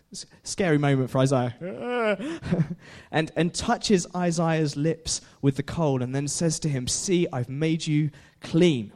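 A man's voice: fairly high pitch, lively intonation, takes it slowly, a little mellow. A young man preaching a casual sermon, chatty, laughing often and putting questions to his listeners. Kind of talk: informal sermon.

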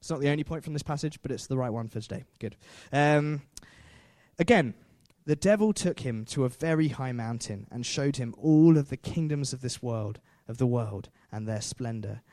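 A man's voice: mid-range voice, moderate pace, a little mellow, no echo, clean studio sound. A man preaching a sermon in a chatty way, with self-deprecating jokes and frequent fillers.

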